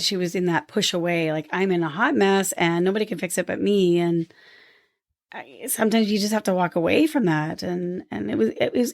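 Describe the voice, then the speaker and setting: A woman co-hosting a podcast, telling a story earnestly and lively when she quotes people. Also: mid-range voice, gravelly, dry recording, studio quality. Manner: earnest storytelling, animated when quoting others. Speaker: podcast co-host. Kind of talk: casual conversation.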